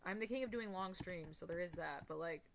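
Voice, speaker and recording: A woman's voice: lowish voice, a little fast, vocal fry, noisy background. A woman streamer talking bluntly and heatedly, swearing as she rants on stream. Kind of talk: casual ranting stream talk.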